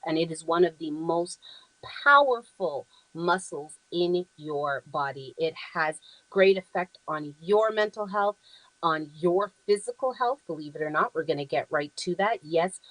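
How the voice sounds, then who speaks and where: Her voice sits low with lively intonation at a normal speed as she presents on her talk show, moving through slides and reading brief phrases aloud. She's earnest and affirming, saying "um" often. The audio is dry and of poor quality.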